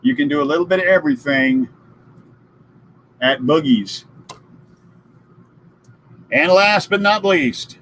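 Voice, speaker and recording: A man's voice: a little high, animated, slow, pauses often, fairly bright tone, slight background noise, rough recording. A middle-aged man hosting a casual live stream, joking and telling stories. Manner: jokey, storytelling, laughs at his own puns.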